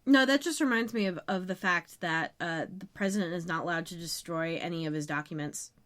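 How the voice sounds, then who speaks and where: A woman's voice: on the low side, brisk, fairly bright tone. A young woman co-hosting a podcast, recapping scenes in a casual chat with wry, joking asides. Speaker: podcast co-host.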